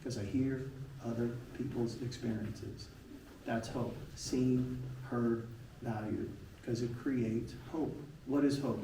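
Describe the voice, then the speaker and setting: A middle-aged man gives a live presentation as a motivational speaker, talking in an animated, emphatic way with lots of rhetorical questions. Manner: animated and emphatic, with big swings in pitch and frequent rhetorical questions. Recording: echoey, distant hall sound with faint noise.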